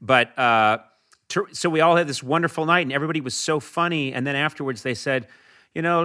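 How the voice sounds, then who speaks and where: A man appearing as a podcast guest, telling stories in casual chat and swooping his voice up high for comic emphasis. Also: fairly quick, pushed and bright, clean tone.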